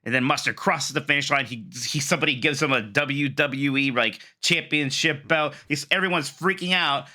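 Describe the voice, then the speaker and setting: A man's voice: a little high, moderate pace, hardly any pauses, bright, forceful tone. A man co-hosting a casual gaming show, telling a long story in a chatty way with dry quips. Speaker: co-host.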